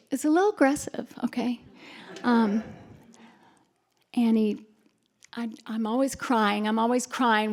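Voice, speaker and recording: Candid self-mocking woman storyteller, slight fry. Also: a little high. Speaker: speaker at a recovery retreat. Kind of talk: personal talk to an audience. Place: retreat conference hall.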